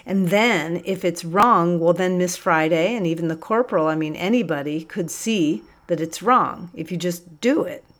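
A woman's voice: on the low side, moderate pace, hardly any pauses, lightly acted. A woman voicing a scornful, bullying male police sergeant who blusters at a prisoner. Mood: bossy.

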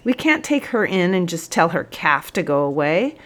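A woman's voice: on the low side, very animated, normal speed. A woman doing an eager, earnest corporal. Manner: earnest, pleading. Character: eager earnest young male jail corporal.

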